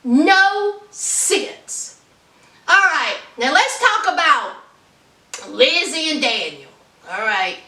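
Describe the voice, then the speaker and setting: A woman's voice: high-pitched, lively intonation, very slow, sharp tone, reverberant, recorded from a distance. A woman giving a casual, sassy recap of a reality TV episode, acting out the people she quotes and laughing often. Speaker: reality TV reviewer.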